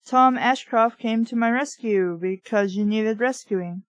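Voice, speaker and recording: A woman voicing a smooth, slangy man stepping in at a party. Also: a little high, a little slow, no room sound, natural voice. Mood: breezy.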